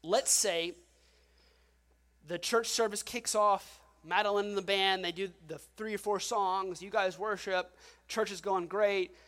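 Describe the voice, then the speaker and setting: A man's voice: sits high, measured pace. A male pastor preaching a sermon in a church, telling stories and asking the congregation questions. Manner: animated storytelling with rhetorical questions to the congregation. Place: church sanctuary.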